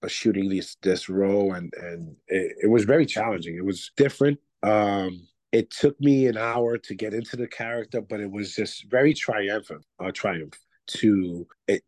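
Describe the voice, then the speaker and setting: A man's voice: lowish voice, moderate pace, a little mellow, no room sound. A man from Puerto Rico, an actor and comedian, chatting loosely in an interview, full of restarts and "you know.". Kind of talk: casual interview chat.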